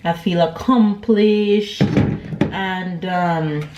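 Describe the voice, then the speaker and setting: A woman's voice: fairly low pitch, extremely slow, lo-fi sound, noisy background. A young woman vlogging to the camera, chatting away and narrating each step as she makes breakfast at home. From Jamaica. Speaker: family vlogger. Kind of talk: casual chat to camera. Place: home kitchen. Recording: echoey kitchen with clattering dishes.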